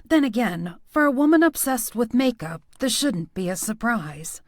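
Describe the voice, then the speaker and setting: A woman reads a first-person audiobook with wry, self-deprecating humor. Her pitch is slightly high and swings in a lively way. The recording is dry and close, with no room sound. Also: moderate pace, no room sound. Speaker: audiobook narrator.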